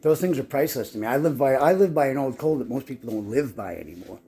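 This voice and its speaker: A man's voice: mid-range voice, lively intonation, fast talker, mellow. A man telling his life story in a rambling, casual monologue, swearing constantly and often stumbling and repeating words as he restarts his sentences. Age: adult.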